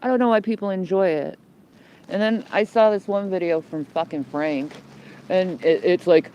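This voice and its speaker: A woman's voice: lowish voice, normal speed, mellow, clear, resonant tone. A woman speaks into her phone from the shelter of a building's overhang outdoors. She rants in a rambling, combative way, loading her talk with swear words and repeating phrases as she goes. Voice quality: heavy swearing, blunt and combative. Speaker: livestreamer. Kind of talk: homeless livestream rant. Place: outdoors under a building in the cold. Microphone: phone held by the speaker.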